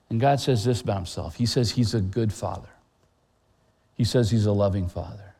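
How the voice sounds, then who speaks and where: A man's voice: fairly low pitch, normal speed, gravelly, dark tone, in a large hall. A middle-aged man preaching a sermon as pastor, conversational and earnest, with frequent fillers and restarts.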